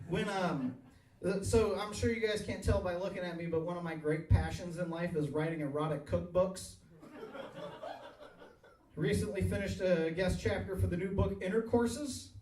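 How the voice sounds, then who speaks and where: A man's voice: high voice, far from the mic. A man in his thirties doing a crude, rambling stand-up set on a bar stage, often laughing at his own jokes. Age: 30s. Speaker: stand-up comedian. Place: bar stage, live audience. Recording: echoey bar recorded from afar.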